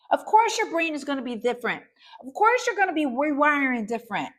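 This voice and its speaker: A middle-aged American woman coaching and hosting, talking in an energetic, preachy and casual way, dropping in "y'all" and swinging from soft asides to loud exclaiming. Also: sits high, fairly quick. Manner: casual colloquial speech with "y'all" and "ain't". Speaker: coach and podcast host. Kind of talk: energetic motivational talk.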